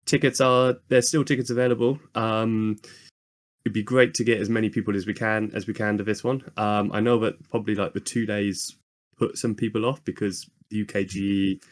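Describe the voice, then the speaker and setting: Lower-pitched male co-host, hesitant and relaxed, podcast mic. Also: moderate pace. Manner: hesitant, lots of ums and likes. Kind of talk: casual chat.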